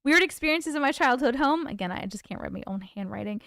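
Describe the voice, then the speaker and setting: A woman hosts a casual livestream, talking straight to her viewers with a smooth, clear voice. She laughs often and trips over tricky words. Her voice sits high, recorded close and dry. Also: expressive, fast, a bit bright, no echo. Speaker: livestream host reading viewer stories.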